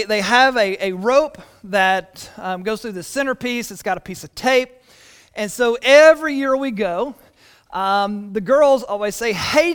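A man in his thirties preaches a sermon, telling stories with a lively, restless delivery full of restarts. His voice sits high, and the church around him adds a long reverb tail. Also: smooth. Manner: animated storytelling with repeated restarts. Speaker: pastor.

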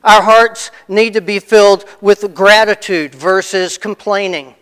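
A man with a high-sitting, slightly bright and smooth voice preaches a conversational sermon, speaking at a measured pace with fairly even intonation. As pastor, he shares personal stories and repeats phrases for emphasis, all in the long reverb of a large hall.

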